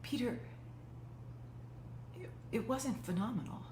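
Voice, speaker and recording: An actress playing a lovelorn woman, speaking in a hushed, halting, emotional way in an improv scene on stage. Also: on the high side, slight background noise, natural voice. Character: tearful lovelorn woman, former lover. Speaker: improv performer. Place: theater stage.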